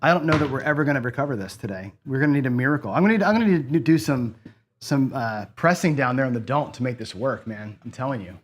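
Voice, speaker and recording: This one talks fast in a mid-range, expressive voice, with a little hiss or hum in the background. Hosting online craps live, he addresses chat directly and swears in frustration at his losing rolls.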